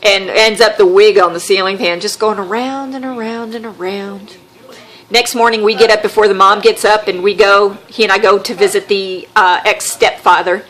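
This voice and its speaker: A woman with a Southern American accent tells a story on her podcast. She talks in a casual, wry way, acting out the people she quotes. Her voice sits in a middle pitch. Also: moderate pace. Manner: animated, wry storyteller who acts out quotes. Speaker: podcast host.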